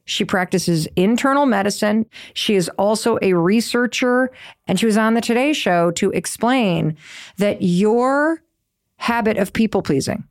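A middle-aged woman hosting her podcast, telling a story in an animated, gushing way and acting out quotes with gasps. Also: mid-range voice, unhurried. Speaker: podcast host.

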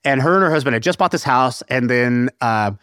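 A man hosting a podcast, telling stories in a lively, swearing, casual way with lots of fillers. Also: mid-range voice, fairly quick, clear, resonant tone, no room sound, clean studio sound. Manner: animated, profane storyteller with many fillers. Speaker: podcast host. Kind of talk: casual storytelling chat.

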